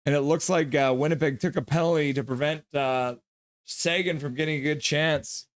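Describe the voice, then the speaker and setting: A man's voice: fairly high pitch, steady tone, moderate pace, no echo. A man hosting a live stream, reading viewer comments aloud and giving jokey, chatty play-by-play of a hockey game.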